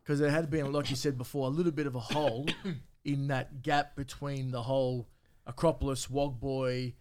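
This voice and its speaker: A man, chatting casually on a podcast, swearing freely and telling animated stories. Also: mid-range voice, normal speed, background noise. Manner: swears freely, animated storytelling with acted-out quotes. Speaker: comedy group member, podcast guest.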